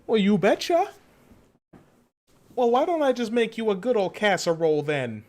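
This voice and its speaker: A man's voice: sits high, big pitch swings, normal speed, darkish tone, pitched above the performer's own voice. A man voicing an overly friendly small-town Midwestern woman, sweet and folksy. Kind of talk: game stream.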